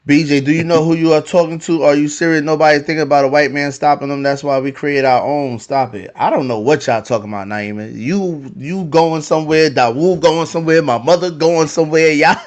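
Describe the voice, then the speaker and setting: A man's voice: fairly high pitch, a little fast, hardly any pauses. A man hosting a heated podcast debate, arguing and repeating himself. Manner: argumentative, repeats phrases.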